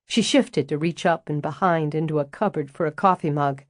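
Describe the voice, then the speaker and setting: Low-voiced woman reading an audiobook. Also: normal speed, hardly any pauses, dry recording, clean studio sound. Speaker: audiobook narrator. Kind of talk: scripted narration.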